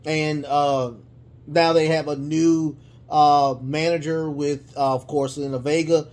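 A man talking through a wrestling recap in loose, casual speech. His voice sits a little higher than most men's. He rambles, stumbles over restarts and fills gaps with "uh" and "um", then lights up with excitement. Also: a little slow. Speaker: wrestling show reviewer.

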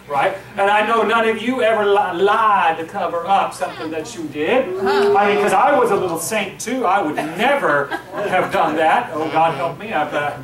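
A man pastor preaching a sermon from the pulpit, lively and joking with his congregation. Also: high voice, normal speed, few pauses, noisy background. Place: church sanctuary, at the pulpit. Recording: echoey room, voice from far off.

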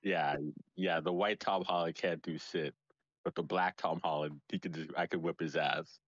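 A man's voice: low voice, fairly even intonation, normal speed, a bit bright, no echo, lo-fi sound. A man playing a boastful fake celebrity in an improvised comedy bit, joking brashly.

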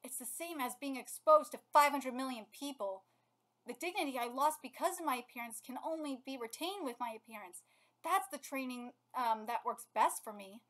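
A woman's voice: high-pitched, normal speed, a bit bright. A woman reading aloud as a vain, narcissistic old male school principal, pompous and self-admiring.

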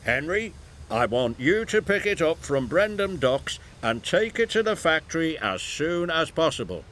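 A man's voice: fairly high pitch, big pitch swings, normal speed, fairly bright tone, a little hiss or hum, voice pushed up. A man voicing a stern, portly male railway boss who gives orders in a storybook reading. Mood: commanding.

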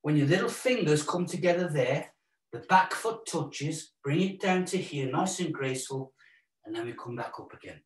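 A man's voice: fairly high pitch, animated, normal speed. Upbeat Welsh man leading a workout class. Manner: upbeat, encouraging, jokey, counting out moves. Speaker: fitness instructor. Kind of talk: live exercise class instruction. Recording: roomy echo, mic at a distance.

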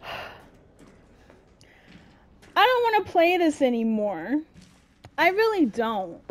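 A woman's voice: fairly high pitch, big pitch swings, slow, long pauses, slight background noise. A woman giving casual horror game commentary, grumbling to her viewers and swearing often, with sudden screaming outbursts. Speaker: let's-play gamer.

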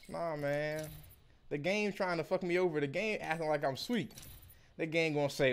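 A young man, streaming a game pack opening with animated, slangy, swearing commentary. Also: on the high side, moderate pace.

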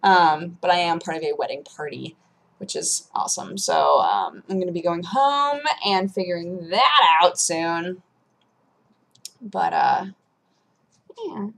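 Woman vlogger, casual home chat to camera, rambling and animated. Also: on the low side, unhurried. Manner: rambling, animated, many fillers and restarts. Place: home room.

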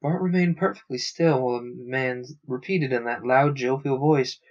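A man narrating a science fiction novel aloud on a stream, steady with small stumbles. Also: mid-range voice, normal speed. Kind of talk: audiobook-style reading. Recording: dull lo-fi sound.

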